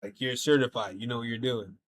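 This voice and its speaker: A man's voice: mid-range voice, fairly even intonation, brisk, a little hiss or hum. A man streaming a game, telling a rambling story in casual chat, swearing a lot and saying "bro" and "like" every few words.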